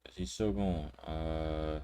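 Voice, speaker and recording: Reacting to clips, a young reaction channel host rants indignantly in a slow, smooth bass voice with a dark tone and fairly even intonation. His commentary is profane and repetitive, with repeated words and restarted sentences.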